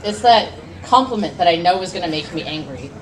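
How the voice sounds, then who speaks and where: A young woman poet with a low voice performs spoken word at a café open mic, switching between awkward self-deprecating chatter and impassioned verse. She is picked up from across the room, with a faint hum of ambience underneath. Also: expressive, a little fast, far from the mic. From United States.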